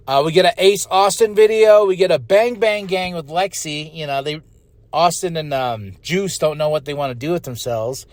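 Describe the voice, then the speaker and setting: A man hosting a podcast, giving a casual, excitable recap of a wrestling show and now and then shouting out the wrestlers' lines and chants. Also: a little high, normal speed, no echo. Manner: excitable, chatty, slips into loud impressions of the wrestlers. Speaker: podcast host.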